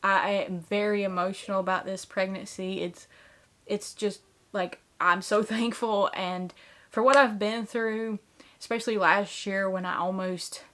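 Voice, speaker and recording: A woman's voice: medium pitch, steady tone, a little slow, fairly bright tone. A woman in her thirties talking casually to camera as a vlogger, earnest and chatty, with lots of "like" fillers.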